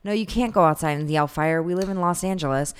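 A woman's voice: lowish voice, quick pace, clean tone. A woman from Albania co-hosting a casual chat at home, dry and teasing. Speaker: podcast co-host. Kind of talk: casual banter. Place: home in Los Angeles.

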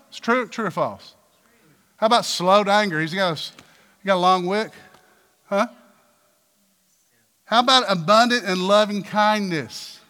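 Guy preaching a sermon, high bright voice, lively, asks the crowd questions, big reverby hall. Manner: animated preaching, rhetorical questions, acting out quotes. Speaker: pastor.

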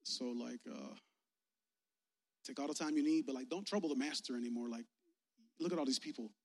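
A man voicing an awkward messenger who hesitantly and apologetically breaks bad news in a low, quiet voice. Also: fairly quick, lightly acted. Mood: apologetic.

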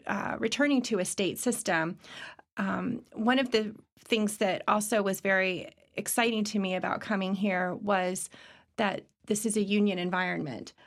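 A middle-aged woman from Virginia, a guest on a casual podcast, who chats with frequent fillers and laughs often. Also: medium pitch.

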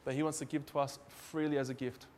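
A man's voice: medium pitch, level tone, fast talker, a little mellow, a little hiss or hum. A man preaching a sermon in a loose, conversational way, acting out little dialogues in different voices. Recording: hall reverb.

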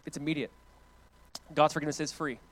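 A man, a pastor preaching a conversational, animated sermon that swings between loud emphasis and quiet, hushed lines. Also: fairly high pitch, fast.

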